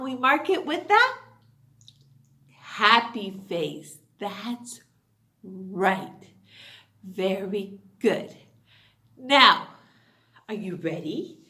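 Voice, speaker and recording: A woman teacher leads a phonics lesson for small children, her voice high and swooping all over the place. She talks very slowly, sing-song and exaggerated, with excited gasps. The sound is echoey, as if from a bare room.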